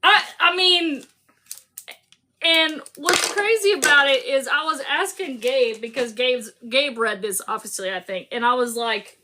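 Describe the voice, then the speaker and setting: A woman hosting a casual book club discussion, animated and laughing as she acts out scenes. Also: sits high, measured pace.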